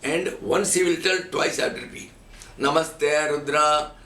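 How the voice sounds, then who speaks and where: A man's voice: high voice, a little fast, a bit bright. A man giving a spiritual teaching talk as a swami, telling stories and chanting Sanskrit verses as examples. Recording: echoey room from far off, faint noise.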